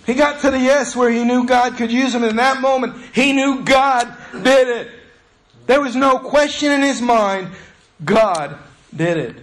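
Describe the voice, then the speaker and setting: A man's voice: very high voice, normal speed. A male pastor preaching a sermon in a conversational, storytelling way.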